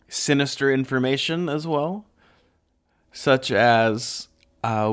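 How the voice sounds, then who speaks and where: A man's voice: mid-range voice, fairly bright tone, smooth. A man co-hosting a podcast, recapping a book in easygoing casual chat with small jokes. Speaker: podcast co-host.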